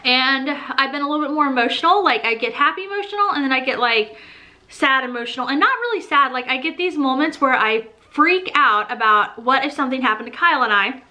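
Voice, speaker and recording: A woman's voice: high-pitched, animated, a little fast, bright, forceful tone. A pregnant young woman giving a casual, rambling vlog update, laughing often as she talks. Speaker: vlogger.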